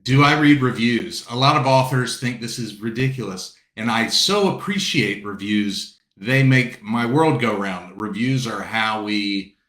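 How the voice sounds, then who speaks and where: Unhurried and medium-pitched, his fairly bright voice carries a roomy sound. The South Carolina man hosts a laid-back book launch call, naming viewers as he greets them and wandering through friendly conversation.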